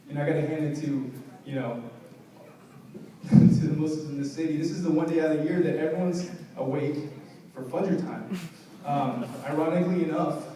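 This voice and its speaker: A young man performing conversational, self-deprecating stand-up comedy with halting fillers at a live show. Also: fairly high pitch, mellow, slight background noise. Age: young adult. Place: large hall, live show. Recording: echoey hall from far off.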